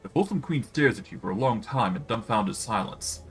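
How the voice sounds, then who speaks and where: A man streaming a video game, reading its narration aloud in a lively way. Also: mid-range voice, moderate pace, soft background music.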